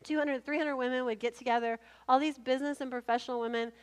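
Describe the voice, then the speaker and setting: Lady pastor preaching, high voice, funny lively storyteller. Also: fast talker. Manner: humorous, animated storyteller. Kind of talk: sermon.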